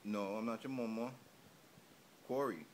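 A man's voice: on the low side, unhurried, a little hiss or hum. A man chatting playfully with a baby, teasing it in mock-tough banter and coaxing it to talk. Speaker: adult playing with a toddler.

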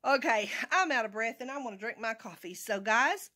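A woman's voice: fairly high pitch, animated, brisk. A woman from Arkansas, chatting casually and rambling in her vlog. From Arkansas, USA. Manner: rambling, chatty, talks to her cat in a soft baby voice. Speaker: vlogger.

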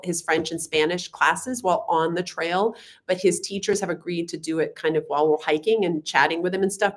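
A woman co-hosting a live stream, congested and sniffly, chatting loosely with many fillers and restarts as she reads out viewer comments. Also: deep voice. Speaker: channel co-host.

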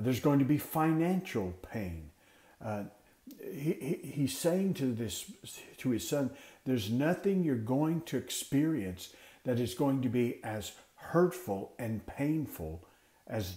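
A man's voice: mid-range voice, a little mellow, roomy sound. A man explaining a Bible passage to class teachers, asking questions and then answering them himself. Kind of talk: teaching talk for Sunday school teachers.

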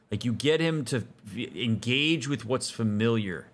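Blunt, emphatic therapist gamer. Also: male voice, medium pitch, moderate pace, hardly any pauses, a bit bright. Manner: emphatic, blunt advice-giving. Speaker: therapist and gaming host. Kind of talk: casual let's-play commentary.

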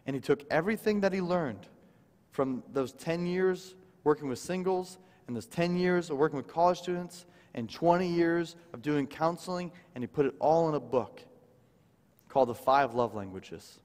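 Guest preacher, man, fairly high voice, sermon storytelling with dynamic swings; church hall reverb. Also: animated, normal speed. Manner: dynamic, swings from loud emphasis to hushed quoted lines. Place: church sanctuary.

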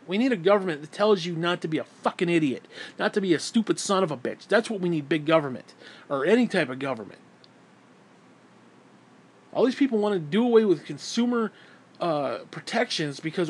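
A man's voice: a little high, brisk, slightly rough. A man in a vlog delivering an angry, profane religious rant full of sarcasm. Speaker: vlogger.

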